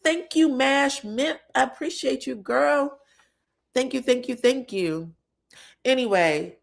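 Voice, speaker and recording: A woman in casual chat, recapping reality-show scenes for viewers with animated, emotional delivery and free swearing. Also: high voice, slow pace, gravelly. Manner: retells scenes in others' voices.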